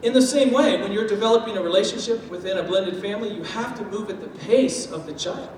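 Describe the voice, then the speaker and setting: A high-voiced man speaks on stage about step parenting, animated and quick, heard from far off in a big, echoey hall with faint ambience and a little hiss or hum. Talking with his audience, he's lively, drawing on homely food analogies and acting out quotes.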